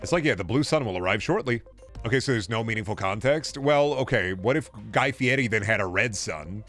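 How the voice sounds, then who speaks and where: A man's voice: lowish voice, expressive, fairly quick, a bit bright, faint music behind. A man streaming a video game, chatting casually, joking and rambling with bursts of profanity. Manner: joking, rambling, profane, drops into silly voices. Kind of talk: casual gaming stream chat.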